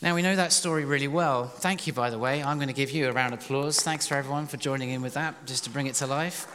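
A man preaching live in a church hall, playful and energetic, directing his congregation as he tells a story. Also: mid-range voice, fast. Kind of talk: interactive sermon storytelling. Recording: reverberant hall, faint noise.

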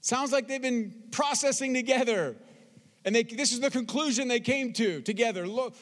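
A man preaching a sermon, expressive, reading scripture slowly and with emphasis. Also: extremely high pitch, big-room sound. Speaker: pastor.

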